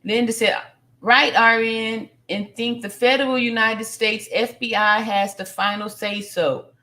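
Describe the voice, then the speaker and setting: A woman's voice: a little high, fairly even intonation, unhurried, sharp tone. A woman hosting a casual live stream, reading viewer comments aloud and repeating phrases for emphasis, with plenty of fillers.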